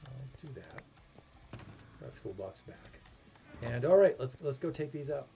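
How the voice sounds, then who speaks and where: This gravelly, dark-toned voice belongs to a man with a New England accent who thinks aloud and jokes at his own expense while casually commenting on a game he's streaming. His delivery is mid-range, expressive and moderately paced, over background music.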